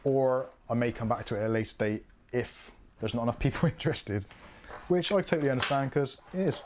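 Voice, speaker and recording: A UK streamer walks through a PC build live, casual and self-mocking, talking his thoughts through as he works. He speaks briskly in a medium-pitched voice with a darkish tone.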